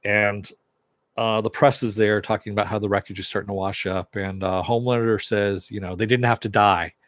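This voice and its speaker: A man's voice: lowish voice, level tone, a little fast, no room sound. A man casually recapping a TV episode in a chatty way, chuckling and acting out characters' lines in a raised voice. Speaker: TV episode reviewer.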